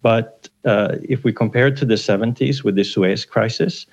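Male professor guest, gravelly and low, hesitant, lo-fi remote line. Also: normal speed. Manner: hesitant, many fillers and restarts. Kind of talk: remote radio interview.

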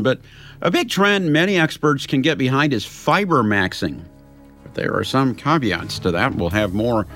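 A man hosting local radio news, reading headlines and the weather forecast in a steady announcer delivery. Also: mid-range voice.

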